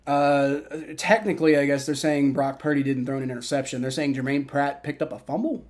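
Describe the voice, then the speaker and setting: A man hosting a live play-by-play reaction stream, excitable and swearing loudly at bad plays while chatting with his viewers. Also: medium pitch, a little fast. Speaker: livestream host.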